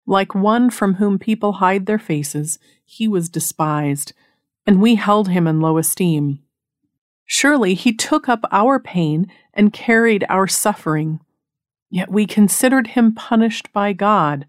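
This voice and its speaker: A woman giving an earnest, measured devotional narration that reads out Bible passages. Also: mid-range voice, expressive, dry recording, clean studio sound. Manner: measured, earnest reading of scripture. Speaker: Bible teacher.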